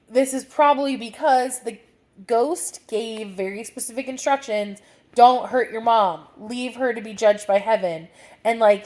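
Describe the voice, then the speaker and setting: A young woman talks through a play in a relaxed lesson, sprinkling her speech with "like." Her voice sits a little high, and she has the hiccups. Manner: chatty, many "like" fillers, reads quotes aloud. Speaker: literature teacher. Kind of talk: casual analysis with dramatic readings.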